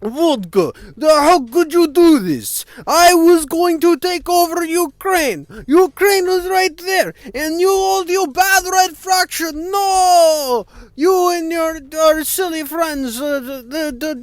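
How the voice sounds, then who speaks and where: A man voicing a blustering male Russian villain leader in a deliberately bad put-on Russian accent, loud and drawn-out. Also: very high voice, dry recording, pitched above the performer's own voice. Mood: hammy outrage. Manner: loud, stretched, hammy whining.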